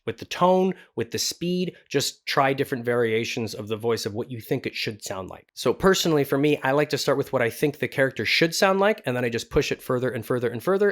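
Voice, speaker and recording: Guy doing a chill tutorial on character voices, mid pitch, encouraging, asks lots of questions. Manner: encouraging, talks straight to the viewer with questions. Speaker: animator and voice actor teaching. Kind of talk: casual tutorial.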